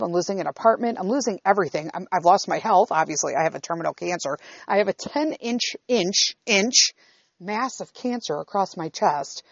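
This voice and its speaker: Middle-aged woman, low gravelly voice, blunt and swears a lot, keeps asking "right?", dull lo-fi sound. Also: no room sound. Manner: blunt, profane, checks in with listeners. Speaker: vlogger. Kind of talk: candid personal storytelling. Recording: dull, slightly lo-fi recording.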